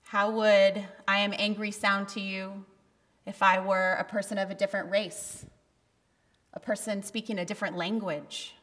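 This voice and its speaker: A woman's voice: mid-range voice, steady tone, a little slow, fairly bright tone. A woman pastor giving a candid, conversational sermon with bursts of emphasis, recorded in a church. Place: church sanctuary. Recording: long reverb of a church hall.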